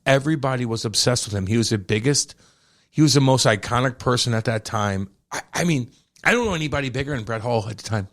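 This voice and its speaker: Medium-pitched and fast, a young man with a St. co-hosts a podcast. His casual chat is full of swearing and animated storytelling.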